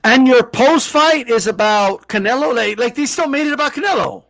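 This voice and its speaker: A man's voice: extremely high pitch, lively intonation, moderate pace, creaky, fairly bright tone, no echo, soft background music. A man hosting a boxing channel, ranting to the camera with heavy swearing and lots of repetition. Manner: profane, heated, repeats himself.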